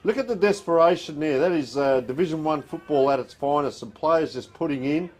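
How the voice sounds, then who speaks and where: A man with an Australian accent and a fairly high voice speaks briskly, calling a community football match live from the ground. As commentator he keeps the play-by-play relaxed and chatty, reading out scores between plays.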